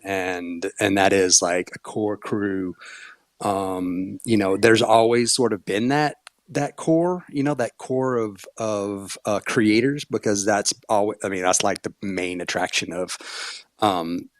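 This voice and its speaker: A man's voice: fairly low pitch, steady tone, takes it slowly, dry recording. A man chatting casually in an online audio room, rambling with many fillers and frequent swearing. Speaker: community member, parent.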